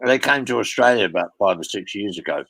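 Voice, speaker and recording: An older man tells rambling anecdotes in a loose interview, cursing freely and leaning on "you know what I mean". His voice is deeply gravelly and full of fry. The sound is dry and close. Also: lively intonation, fast, a bit bright, no echo, low-quality recording. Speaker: guest storyteller.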